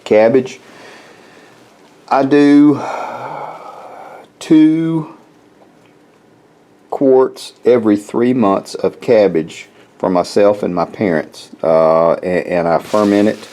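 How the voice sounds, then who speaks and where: This homestead vlogger talks slowly, leaving long pauses, in a fairly low and mellow voice. Walking viewers through his garden outdoors, he rambles in a folksy, casual way and repeats words a lot. The recording quality is rough.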